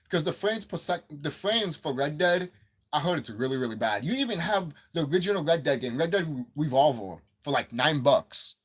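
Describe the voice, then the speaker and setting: A man's voice: a little high, lively intonation, brisk, breathy edge. A man delivering a profane, heated rant about video game prices, repeating himself as he builds up steam. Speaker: gaming commentator. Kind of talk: angry gaming rant.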